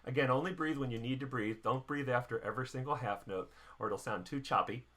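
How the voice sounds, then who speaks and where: Bright-voiced patient male band teacher. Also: mid-range voice, fast. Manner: patient step-by-step explaining. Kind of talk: instructional lesson.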